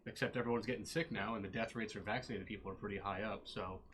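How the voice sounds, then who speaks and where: A man with a lowish, bright voice talks quickly and bluntly, laying out his opinions on a casual livestream. There's a faint hiss of noise under his voice. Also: steady tone. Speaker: livestream co-host.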